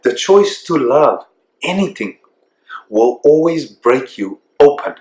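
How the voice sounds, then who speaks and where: A man hosting a self-discovery program, speaking earnestly and reflectively and slowing down to stress key points. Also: fairly high pitch, sing-song, darkish tone. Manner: earnest, reflective, slows down for emphasis. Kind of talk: motivational talk to camera. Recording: echoey room.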